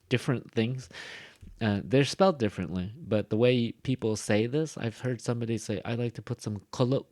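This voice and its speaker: A man teaching an English pronunciation class in a loose, chatty way, often saying "like" and "right?" and jumping up in pitch to model stressed syllables. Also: a little mellow, no echo. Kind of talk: casual recorded class lecture. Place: classroom or online class, using a whiteboard app.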